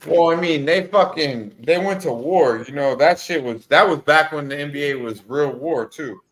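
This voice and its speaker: A man's voice: fairly high pitch, moderate pace, rough recording. A man co-hosting a live sports chat stream, brash and profane in his banter. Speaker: sports radio co-host. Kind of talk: casual sports chat while watching a game.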